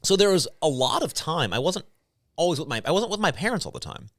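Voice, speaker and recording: Animated man joking on a podcast. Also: a little high, fast talker, no room sound, studio quality. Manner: animated storyteller, jokey. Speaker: podcast co-host and board operator. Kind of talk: casual chat.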